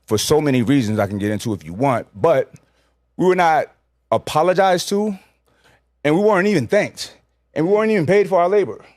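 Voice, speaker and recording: A man's voice: fairly high pitch, expressive, fairly quick, darkish tone, no echo, studio quality. A man from New York talking bluntly and emphatically as a guest in a casual podcast conversation, swearing freely.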